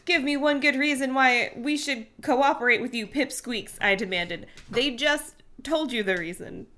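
A woman's voice: high voice, moderate pace, sharp tone. A woman co-hosting a casual group read-aloud, laughing often and playfully voicing characters. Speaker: podcast co-host reading aloud. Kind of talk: casual group reading with banter.

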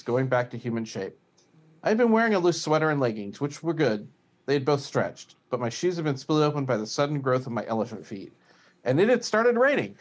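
A man co-hosting a podcast, reading a novel aloud at a quick clip with light character voicing. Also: mid-range voice. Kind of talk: casual read-aloud of a novel.

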